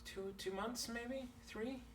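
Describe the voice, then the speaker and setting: A frail male villager speaks in a high, thin voice with faltering, hesitant phrases, as a game master puts him on. The voice is thin and bright. Faint noise hangs behind the tabletop game. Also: slow, distant mic, full character voice. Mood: weak. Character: sick young male villager, breathless and grateful.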